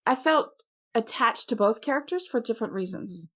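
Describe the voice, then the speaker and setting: A woman co-hosting a podcast, chatting casually and telling stories with quick asides. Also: on the high side. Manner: chatty, animated storyteller with laughs and quick asides. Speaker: podcast co-host. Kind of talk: casual chat.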